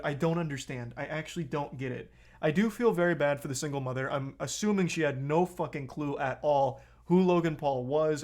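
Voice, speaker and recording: A man streaming a casual reaction to a video, blunt and profane, who gets heated as he comments. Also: on the high side.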